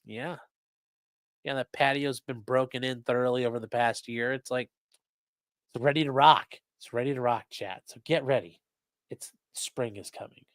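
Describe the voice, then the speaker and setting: A man's voice: medium pitch, moderate pace, dry recording, studio quality. A man co-hosting a livestream, reading sponsor spots in a rambling, sarcastic, joking way and talking straight to the chat. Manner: sarcastic, rambling, deadpan jokes addressed to chat.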